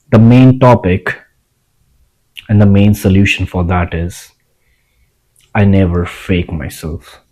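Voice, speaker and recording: A man's voice: low voice, slow pace, pauses often, a little mellow, rough recording. A young man, talking casually to the camera in a rambling way, repeating himself and restarting lines. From India. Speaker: vlogger.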